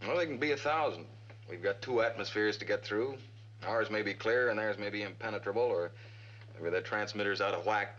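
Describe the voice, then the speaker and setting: An actor playing a wry, easygoing American man with a lowish voice who rambles along. It has the muffled sound of an old film soundtrack. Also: a little fast, a bit bright, lightly acted. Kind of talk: 1950s film acting.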